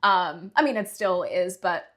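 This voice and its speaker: A young woman co-hosting a podcast tells a story in casual chat, animatedly acting out the voices of the people in it and swearing casually. Her voice is lowish and her pace measured, with a crowd audible in the background.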